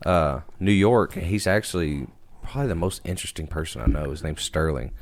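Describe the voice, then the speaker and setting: A man's voice: rumbling low, brisk, dry recording. A man co-hosting a podcast, telling laid-back, profane stories. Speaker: podcast co-host. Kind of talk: casual podcast chat.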